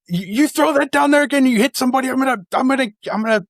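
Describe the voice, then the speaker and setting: A man's voice: on the high side, sing-song, normal speed, dry recording, clean studio sound. A man impersonating a hot-tempered male baseball manager, sputtering and repeating himself as he blows up. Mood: furious.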